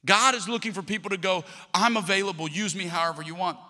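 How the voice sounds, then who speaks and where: A man's voice: high-pitched, fairly even intonation, quick pace, bright, forceful tone. A man, preaching a sermon as pastor and telling stories, acting out the voices he quotes. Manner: storytelling, acts out quoted voices. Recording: long hall reverb.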